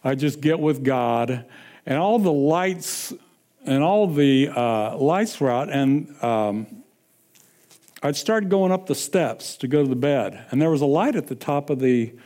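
A middle-aged man preaching a sermon, telling a personal story with sudden swings from loud to hushed. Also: on the high side, expressive, a little slow. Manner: breaks into sung lines and laughter.

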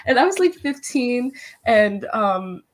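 A young adult woman, a guest on a podcast, chatting in a bubbly, excitable way full of "like"s. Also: a little high, takes it slowly. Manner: bubbly, excitable storytelling, many "like"s. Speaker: wrestling interviewer, podcast guest. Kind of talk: casual podcast chat.

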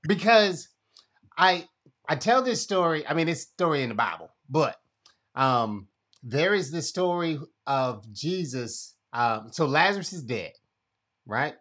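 A man's voice: fairly high pitch, animated, measured pace, fairly bright tone. A man hosting a casual conversation, retelling a Bible story expressively and acting out quotes. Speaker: podcast host.

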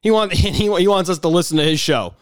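A man's voice: sits high, expressive, quick pace, dry recording, clean studio sound. A man hosting a podcast, talking in a blunt, profane casual monologue. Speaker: podcast host.

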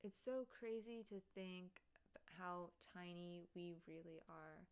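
A woman's voice: lowish voice, slow pace, clean tone. A woman streamer chatting casually, rambling and sidetracked, swearing freely as she talks. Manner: rambling, profane, easily sidetracked.

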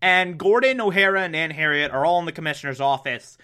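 A man giving a casual, animated recap of a show episode, exasperated and laughing between points. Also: on the high side, a little fast.

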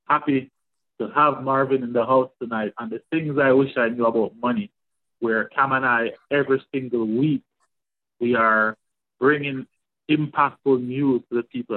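A man with a Jamaican accent hosting a casual podcast chat, upbeat and playful as he introduces his guest. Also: mid-range voice. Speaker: podcast host. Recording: tinny phone-like line.

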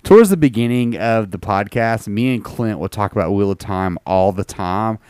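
A man's voice: on the low side, moderate pace, clean tone, no room sound, clean studio sound. A man hosting a podcast, chatting casually, asking questions and teasing his co-host. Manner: animated, teasing, asks questions. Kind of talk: casual chat.

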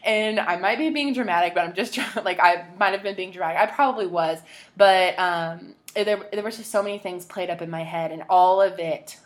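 A woman's voice: fairly low pitch, brisk. A young woman hosting a podcast, telling a personal story in a rambling, emotional way, full of "like" and restarts. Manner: rambling, emotional, heavy use of "like". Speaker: podcast host.

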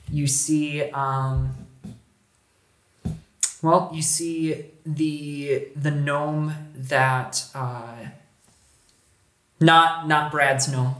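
A man narrating as game master, rambling with many restarts. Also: medium pitch. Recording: echoey room.

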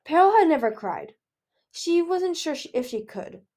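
A woman reading a fantasy novel aloud in an earnest, expressive way. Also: very high-pitched, normal speed. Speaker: audiobook reader. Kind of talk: storybook read-aloud.

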